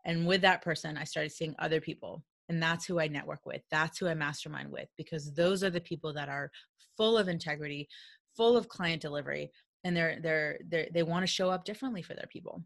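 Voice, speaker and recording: A woman's voice: low-pitched, brisk, gravelly, a bit bright. A woman business coach giving a casual motivational talk, candid and blunt, who acts out quoted dialogue and laughs often. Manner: candid and blunt, with mild swearing.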